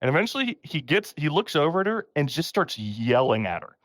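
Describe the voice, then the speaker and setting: A man's voice: fairly high pitch, brisk, dry recording. A man hosting a casual podcast, retelling a story with frequent laughter and quotes acted out in a raised voice. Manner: animated, laughing often, acts out quotes in a raised voice. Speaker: podcast host.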